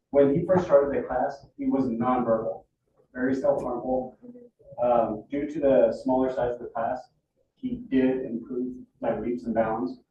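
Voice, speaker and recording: An earnest, emotional father speaks at a public board meeting. His voice is mellow and dark, heard from a distance through a dull, lo-fi mic. The hall echoes heavily around him. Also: medium pitch, a little hiss or hum. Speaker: parent speaking at public comment. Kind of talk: public comment.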